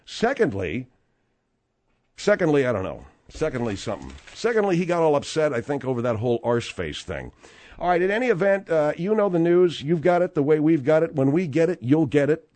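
Male sports radio host, lively and rambling, dry close mic. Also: a little high, fairly quick, no room sound. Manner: animated, rambling, with frequent restarts. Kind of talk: sports talk radio banter and news reading.

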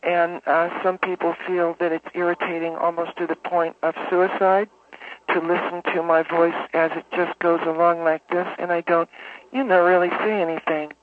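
A man voicing a pompous, self-important homeowners association president who talks in a halting monotone full of uhs, heard over a phone line. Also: high-pitched, pitched above the performer's own voice. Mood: smug. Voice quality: monotone droning. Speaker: caller.

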